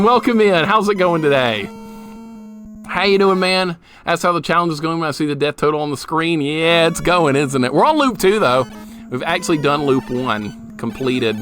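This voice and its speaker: A man in his thirties streaming a retro game, chatting and laughing with viewers while he plays, swearing casually. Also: fairly high pitch. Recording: game music playing loudly beneath the voice. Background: retro game music.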